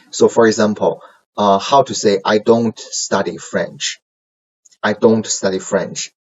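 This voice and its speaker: Slow, low-voiced man teaching grammar. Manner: patient, repeats words, many ums and rights. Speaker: Chinese language teacher. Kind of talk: classroom grammar lesson. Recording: dull lo-fi sound.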